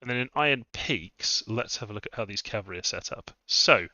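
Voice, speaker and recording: A man's voice: on the low side, expressive, fairly quick, pushed and bright, no room sound. A man thinking aloud as he live-streams a strategy game, musing over his moves. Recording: dull lo-fi dry mic sound.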